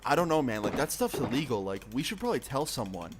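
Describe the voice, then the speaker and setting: A man's voice: mid-range voice, very animated, fast talker, lightly acted. A man voicing a nervous, goody-two-shoes schoolboy who speaks in a worried, hesitant way, with a noisy background of typing clicks.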